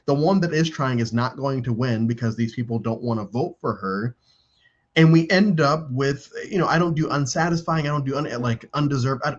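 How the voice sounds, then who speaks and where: A man hosting a live stream in casual chat on a video call. He talks in an animated way and acts out quoted lines in different voices. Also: on the high side, dull audio. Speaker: stream host.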